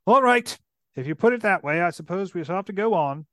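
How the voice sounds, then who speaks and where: Man reading as a brisk young king. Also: sits high, lively intonation, bright, forceful tone, dry recording, voice pushed up. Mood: exasperated. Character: young male king, exasperated but commanding.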